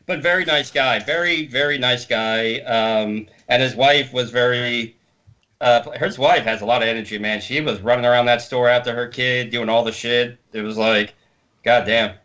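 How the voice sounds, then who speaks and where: A man speaking over a video call as an interview guest, telling casual stories with animated, profane retellings of what people said. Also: mid-range voice, normal speed, highs cut off, slight background noise. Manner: animated, swearing, acts out quotes. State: hard of hearing. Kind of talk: casual storytelling.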